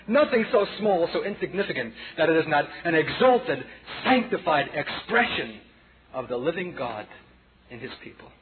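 A man with a Brooklyn accent preaching a sermon, telling a story dramatically and dropping from loud to hushed as he addresses the congregation as children. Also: a little high, big pitch swings, normal speed, a crowd in the background. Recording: tinny phone-like sound with audience.

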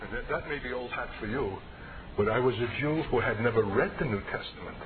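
A man's voice: mid-range voice, fairly quick, a crowd in the background. A man from the United States giving an impassioned, emphatic personal testimony sermon. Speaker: preacher giving his testimony. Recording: tinny, noisy radio broadcast.

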